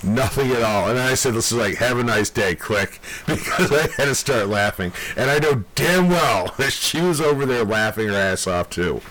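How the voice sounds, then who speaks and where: A man's voice: mid-range voice, expressive, normal speed, hardly any pauses, a bit bright, slight background noise, rough recording. A man with a New York accent co-hosting a podcast, ranting in casual talk, swearing a lot and often breaking into laughter. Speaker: podcast co-host.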